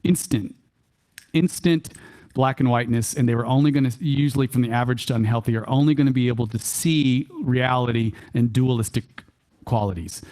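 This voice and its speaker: Male workshop speaker, Texan accent, mid-range voice, lively church talk with folksy asides and repeated key lines. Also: mid-range voice, fairly quick. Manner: animated, repeats key phrases for emphasis; chuckles often, folksy asides. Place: church hall.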